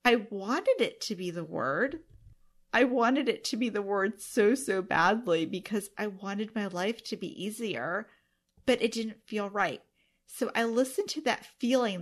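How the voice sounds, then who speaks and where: A woman hosting her own podcast alone, talking earnestly and emotionally to her listeners. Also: mid-range voice. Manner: emotional, earnest, tearful at times. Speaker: podcast host. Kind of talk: solo podcast monologue.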